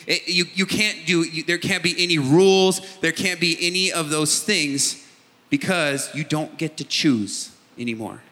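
A man's voice: fairly high pitch, bright, forceful tone. A middle-aged man preaching a sermon, telling a personal story in a conversational way. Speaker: pastor. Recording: long hall reverb.

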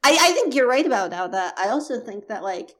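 A woman's voice: a little high, big pitch swings, brisk. A woman co-hosting a podcast in casual, rambling chat, full of "like" and casual swearing. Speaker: podcast co-host.

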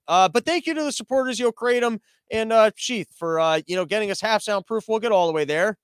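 High, smooth-voiced sarcastic podcast host. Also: male voice, a little fast, few pauses, no echo. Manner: sarcastic riffing with stammered restarts. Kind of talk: comedic commentary on a livestreamed podcast. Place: small room that is not soundproofed.

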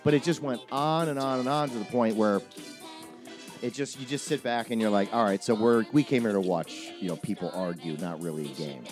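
A man's voice: on the low side, a little fast, darkish tone, soft background music. A middle-aged man co-hosting a podcast, telling a story in casual chat, acting out quotes and swearing freely. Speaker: podcast co-host.

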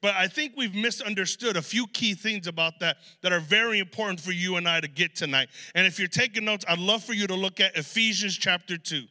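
Man, sermon, chatty storytelling, piercing bright tone, big reverberant hall. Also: high voice, brisk, hardly any pauses. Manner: conversational, animated storytelling with asides. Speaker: preacher. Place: large hall.

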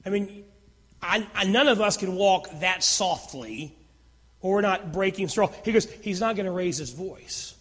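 Man, pastor, sermon, high voice, slow emphatic delivery, long hall reverb. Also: expressive, fairly bright tone, breathy edge. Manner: slow, emphatic preaching with repeated phrases.

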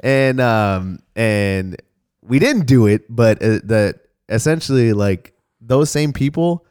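A man's voice: medium pitch, expressive, slow, smooth. A young man from Houston chatting casually on a podcast, telling a story in a laid-back way with a lot of swearing. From Houston, Texas. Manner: laid-back, swears a lot, acts out voices loudly when telling stories.

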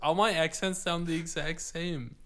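A man's voice: a little high, fairly even intonation, normal speed, fairly bright tone. A young man hosting a casual chat, laughing at himself and swearing freely. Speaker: host.

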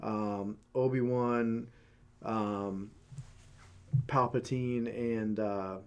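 A man's voice: fairly low pitch, fairly even intonation, extremely slow, clear, resonant tone. Male co-host, casual rambling talker, filler-heavy, teasing. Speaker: podcast co-host. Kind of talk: casual chat.

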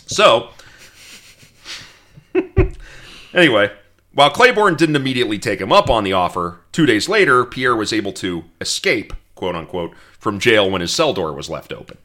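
A man's voice: fairly low pitch, very animated, fairly quick, hardly any pauses, pushed and bright. A man hosting a podcast, narrating history in a storytelling way, reading out quotes and adding wry asides. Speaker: podcast host.

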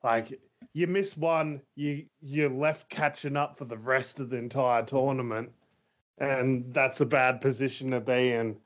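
A man's voice: mid-range voice, steady tone, a little slow. A man co-hosting a casual podcast chat, rambling with lots of fillers and easy laughs. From Australia. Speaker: podcast co-host. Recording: slightly dull lo-fi audio.

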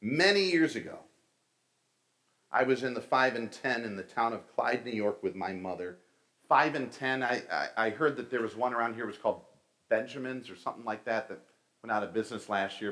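A middle-aged pastor with a mid-range, fairly bright voice preaches a conversational sermon, telling stories and addressing his listeners as "folks."

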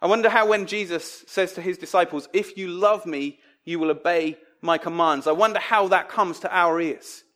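Emphatic high-voiced male preacher. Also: moderate pace, hardly any pauses, a bit bright. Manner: emphatic, conversational preaching with dramatic quoted voices. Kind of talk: sermon.

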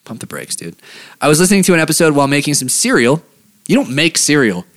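A man's voice: on the high side, big pitch swings, fast, fairly bright tone. A man co-hosting a casual podcast, joking and laughing as he reads listener emails aloud. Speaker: podcast co-host.

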